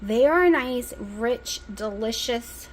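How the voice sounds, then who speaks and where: A woman's voice: on the high side, lively intonation, slow pace, low-quality recording. Tired, chatty woman with a country twang. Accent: Southern US country. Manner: chatty, rambling, talks with mouth full at times. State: exhausted. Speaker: cooking vlogger. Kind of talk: casual chat while cooking. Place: home kitchen, indoors. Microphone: phone.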